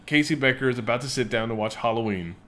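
A man's voice: mid-range voice, fast talker, fairly bright tone. A man co-hosting a casual movie review chat, chatty, laughing often and swearing freely. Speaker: podcast co-host.

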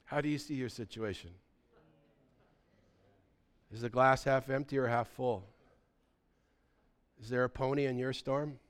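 Preacher man with a smooth, resonant voice. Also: medium pitch, a little slow, pauses often. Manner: animated storytelling, pleading questions. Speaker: pastor. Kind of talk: sermon.

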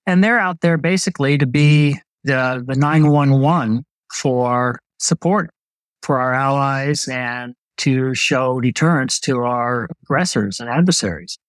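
An older man, a retired Navy doctor, telling stories as a guest in an interview, relaxed and anecdotal. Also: medium pitch, unhurried, no room sound, low-quality recording. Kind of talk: storytelling in an interview.

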